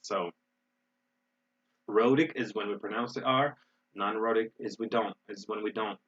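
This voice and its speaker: An American man teaching English in an online webinar, explaining in a relaxed way with many fillers and restarts. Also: fairly low pitch, a little slow, dull audio, a little hiss or hum. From United States.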